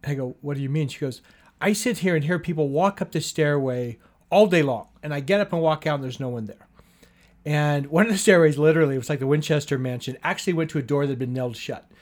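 A man's voice: fairly high pitch, fast talker, a little mellow. Chatty man with a lightish voice. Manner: chatty, acts out dialogue with "she goes" and "I go". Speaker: guest telling a story. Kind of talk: casual anecdote in conversation.

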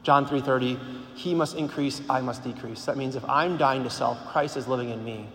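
A man's voice: mid-range voice, steady tone, normal speed, a bit bright. A man giving an informal sermon, talking conversationally with lots of "like", repeated words and rhetorical questions. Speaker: speaker at a Catholic gathering. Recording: long hall reverb, faint background noise.

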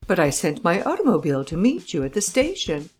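A woman's voice: on the low side, very animated, a little fast, darkish tone, soft background music. A woman voicing an eager, anxious middle-aged male castle owner, exclaiming in a raised voice.

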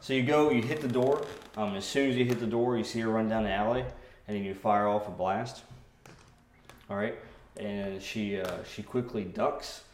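A man with a low voice narrates a tabletop game as game master, telling the action with laughs and the odd sound effect. The room is echoey, with a faint hiss under the voice. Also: moderate pace. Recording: roomy with faint noise.

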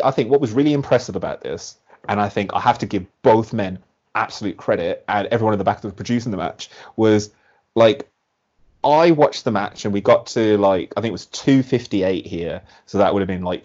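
A man co-hosting a casual podcast chat, rambling and animated, full of fillers. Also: fairly low pitch, muffled recording. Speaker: podcast co-host.

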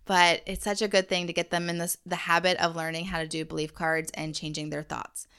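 A woman's voice: fairly low pitch, level tone, a little fast, sharp tone, clean tone. A woman in her thirties hosting a solo podcast from home. She coaches parents in an earnest, encouraging, faith-based way. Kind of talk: casual solo podcast talk.

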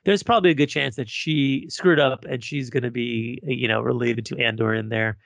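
A man's voice: medium pitch, fairly even intonation, moderate pace, vocal fry, a bit bright, no echo. A man co-hosting a casual podcast, boastful and crude in his jokes. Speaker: podcast co-host.

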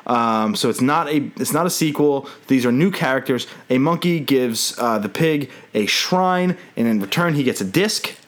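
A man's voice: mid-range voice, lively intonation, moderate pace, hardly any pauses, fairly bright tone. Enthusiastic man hosting a games podcast. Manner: enthusiastic, explains and recaps at length. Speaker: podcast host. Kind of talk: casual podcast chat about games.

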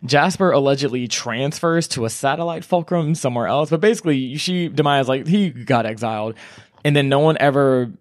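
A man's voice: mid-range voice, a little fast, dry recording, studio quality. A man co-hosting a book club podcast, casually summarizing a plot and acting out the characters' lines. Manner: animated retelling, acts out characters' lines.

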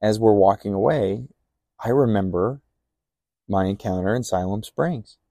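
A man's voice: on the low side, measured pace, dark tone, no room sound, studio quality. A young man casually telling a personal testimony on a podcast, rambling with fillers and acting out remembered dialogue. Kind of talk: casual storytelling.

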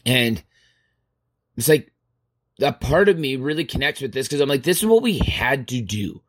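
A man in his thirties talking through a rambling podcast monologue at a middle pitch. He swears freely and sounds exasperated as he works through his thoughts. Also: lively intonation, moderate pace. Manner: profane, rambling, exasperated storytelling. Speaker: podcast host. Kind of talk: casual monologue.

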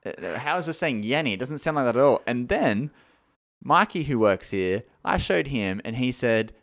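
A man with an Australian accent co-hosting a podcast, explaining things in a relaxed, casual way with frequent fillers. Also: mid-range voice, normal speed. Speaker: podcast co-host.

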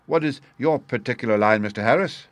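A man's voice: medium pitch, fairly quick, dry recording, natural voice. A man reading the part of a frightened male company manager who speaks with forced politeness. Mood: strained courtesy.

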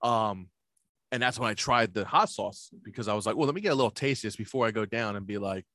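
A man co-hosting a podcast, telling stories in casual chat with lots of swearing, jumping his voice up high when he acts out what people said. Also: fast, bright, forceful tone, dry recording, studio quality. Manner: profane storytelling, acts out quoted people in a raised voice. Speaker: podcast co-host.

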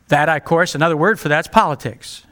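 A male pastor delivers a sermon in an earnest, direct way, pressing his listeners to hear him. His voice sits a little high for a man and rings bright and forceful.

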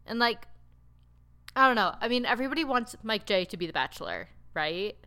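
A woman recapping a TV show in casual chat, rambling and animated with lots of filler words. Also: fairly high pitch, brisk, clear, resonant tone. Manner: animated, laughing storyteller. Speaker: TV recap podcaster.

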